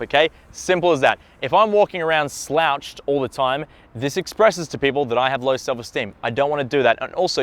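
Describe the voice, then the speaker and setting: A man giving a direct, emphatic lesson as a dating coach, often checking in with a quick "okay?" and swearing now and then. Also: on the high side, a bit bright. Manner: blunt, occasional swearing. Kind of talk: instructional talk to camera.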